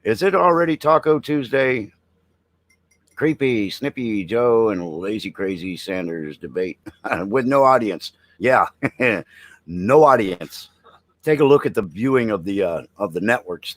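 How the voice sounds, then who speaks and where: Low-voiced guy reading news and cracking blunt jokes to his chat, dry mic. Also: expressive, a little slow, no echo, low-quality recording. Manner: blunt, joking, reads headlines then riffs, talks to chat. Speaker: veteran podcast host. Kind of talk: casual live-stream commentary.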